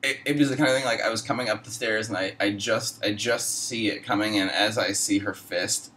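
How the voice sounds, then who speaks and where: A man's voice: lowish voice, fairly even intonation, fairly quick, bright, forceful tone, far from the mic, rough recording. A man casually telling a personal story, rambling and profane, heavy on fillers. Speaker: storyteller host.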